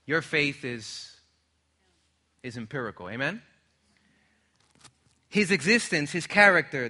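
A man's voice: mid-range voice, pushed and bright. A middle-aged man preaching a sermon, emphatic, throwing rhetorical questions to his congregation.

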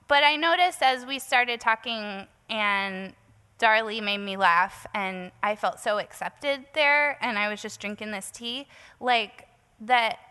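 A woman with a bright, slightly high voice tells a candid personal story as part of a sermon. She talks in a casual, self-deprecating way with plenty of "like" and "um", and her words echo with a long hall reverb. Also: clean tone.

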